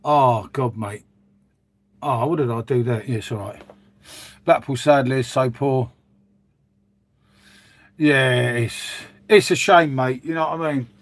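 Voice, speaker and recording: A man's voice: mid-range voice, a little slow, pauses often. A man hosting a casual livestream at home, rambling chattily and calling his viewers mate. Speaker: livestream host reading chat. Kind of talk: casual chat with live viewers. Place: at home making a hot drink.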